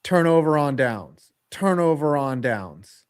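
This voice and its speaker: On a laid-back sports podcast, a co-host with a fairly high, clean-toned voice speaks slowly with big pitch swings. He rambles, curses, and struggles to recall names.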